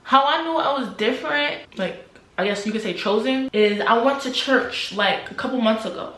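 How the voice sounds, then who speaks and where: A young adult woman telling a personal story to camera in a casual, animated way, repeating phrases and sometimes dropping to a near-whisper. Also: fairly high pitch, moderate pace, echoey room. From New Jersey, USA. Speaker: vlogger.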